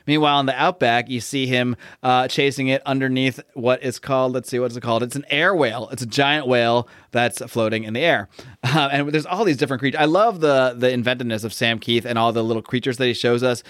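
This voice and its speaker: A young man talks through a comic book in easygoing chat, wandering through fillers and restarts. His voice is smooth and clear. It is recorded close and dry with no room sound. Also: medium pitch, steady tone, fast, a bit bright, dry recording. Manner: rambling, many fillers and restarts, reads out dialogue. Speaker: podcast co-host discussing comics. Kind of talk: casual chat recapping a comic.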